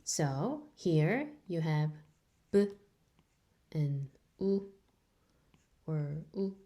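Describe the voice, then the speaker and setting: Patient woman teacher, native Korean speaker, extremely slow and deliberate delivery, drills each sound again and again for beginners. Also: low voice, lively intonation, mellow. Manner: patient, repeats each sound several times for learners. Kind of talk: beginner language lesson.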